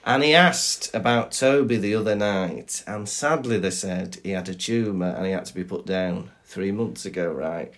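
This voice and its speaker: A man with a low-pitched voice speaks at normal speed, barely pausing, as he co-hosts a casual podcast. He tells stories with plenty of animation and laughs often.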